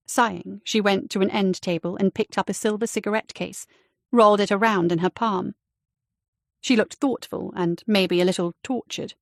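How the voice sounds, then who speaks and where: A woman reads a novel aloud in a steady, even storytelling manner. Her voice has a gravelly grain, recorded close and dry on a studio mic with no room sound. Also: mid-range voice, normal speed, no room sound. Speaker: audiobook narrator. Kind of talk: scripted narration.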